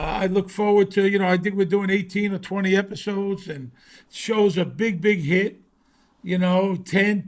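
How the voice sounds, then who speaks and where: Man, middle-aged, high-pitched, rambling casual talk, video call. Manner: rambling, leans on filler phrases. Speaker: actor guest. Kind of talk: casual interview chat.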